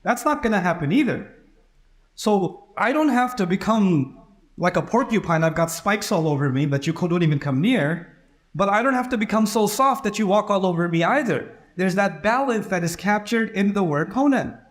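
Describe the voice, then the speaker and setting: A man preaches a sermon in a high-pitched, lively voice at a moderate pace. His style is conversational, and he acts out the people in his stories by performing their quoted dialogue.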